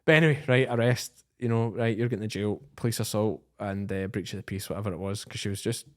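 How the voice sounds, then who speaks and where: A man's voice: on the low side, fast. A Scottish man, a podcast co-host, telling a story in casual chat and laughing as he goes.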